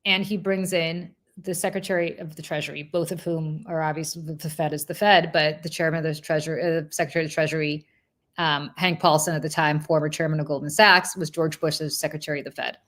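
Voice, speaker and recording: A woman hosting a political talk show, telling a story in an animated, casual way with asides and restarts. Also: low-pitched, fast talker. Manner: slips into mocking quoted voices of politicians. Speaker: political commentator and show host.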